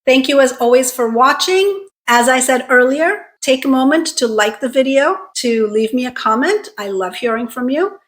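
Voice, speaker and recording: A woman teaching English pronunciation, slowly and clearly modeling sounds and words for learners to repeat. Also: sits high, lively intonation. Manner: slow, clearly articulated drilling of words. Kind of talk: pronunciation lesson with repeat-after-me drills.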